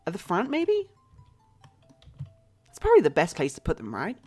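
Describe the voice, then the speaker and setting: A woman doing a brash American mom running her own store, in a playful, overdone put-on accent. The voice sits fairly low but leaps around a lot, with faint music under the game talk. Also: wildly swooping pitch, normal speed, mellow. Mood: chatty. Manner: playful, exaggerated role-play in a fake accent.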